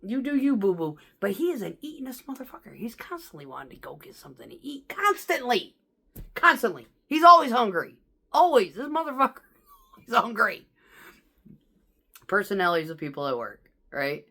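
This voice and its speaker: A woman vlogger telling blunt, profane stories about coworkers in a casual, animated way, mimicking the people she talks about. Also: medium pitch, a little fast, vocal fry.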